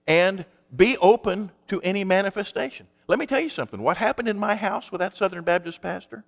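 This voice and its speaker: A man's voice: high-pitched, a little fast, gravelly, long reverb tail. A male pastor preaching a sermon in an emphatic, conversational way, asking his congregation rhetorical questions.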